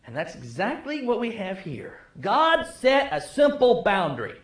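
Man preaching, high lively voice, jumps loud then quiet, echoey room. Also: measured pace. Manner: animated storyteller, swinging from loud to hushed. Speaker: pastor. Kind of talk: sermon.

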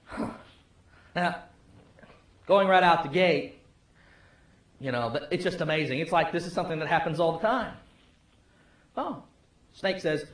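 Man preaching, high lively voice, jumps loud then quiet, echoey room. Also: unhurried, long pauses. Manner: animated storyteller, swinging from loud to hushed. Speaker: pastor. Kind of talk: sermon.

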